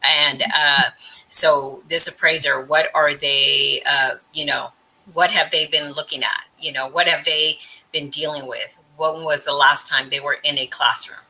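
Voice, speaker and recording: A man's voice: on the high side, little pitch movement, a little slow, bright, forceful tone, low-quality recording. A man in a casual group discussion, supportive and agreeing, speaking with many fillers.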